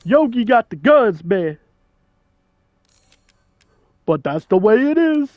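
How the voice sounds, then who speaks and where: A loud, higher-pitched cartoon bear boasting like a gangster, put on by a man. He swaggers through every line with a classic cartoon voice, bragging about packing heat. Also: big pitch swings, takes it slowly, no echo, lo-fi sound, faint music behind, exaggerated voice. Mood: swaggering. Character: boastful male cartoon bear talking tough about guns. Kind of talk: comic voice impression during gameplay.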